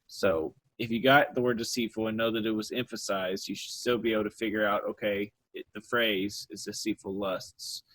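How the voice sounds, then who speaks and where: Low-voiced chatty man hosting. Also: fairly even intonation, normal speed, few pauses, fairly bright tone, rough recording. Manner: chatty, joking, frequent restarts. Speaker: podcast host and quiz coach. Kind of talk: casual chat.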